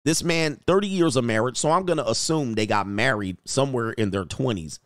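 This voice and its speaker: A man's voice: medium pitch, fairly quick, dry recording, clean studio sound. A man hosting a livestream, reading viewer messages and giving mocking, preachy commentary in a casual tone. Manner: mocking, preachy, drawls words for effect. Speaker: livestream host reacting to news and reading super chats.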